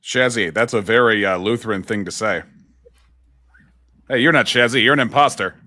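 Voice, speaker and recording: Guest guy on a stream, lowish bright voice, calm, teasing, dry mic. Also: moderate pace, no room sound. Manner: calm, teasing, laughs at others. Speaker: guest on a livestream. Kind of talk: casual debate chat.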